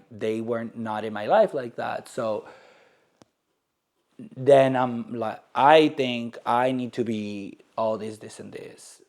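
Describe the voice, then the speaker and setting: A man's voice: mid-range voice, a little mellow. A young man ranting to camera in a sarcastic, rambling, dramatic way. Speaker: vlogger. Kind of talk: casual rant to camera.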